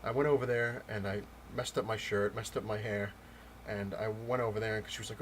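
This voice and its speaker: A man vlogging about comics, telling a story in a loose, rambling way with many pauses and restarts. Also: lowish voice, steady tone, slight background noise. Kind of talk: casual storytelling rant.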